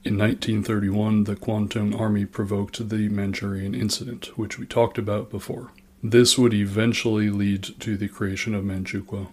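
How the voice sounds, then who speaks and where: Flat-voiced wry male history narrator. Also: lowish voice, normal speed, husky. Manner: dry, wry sarcastic asides.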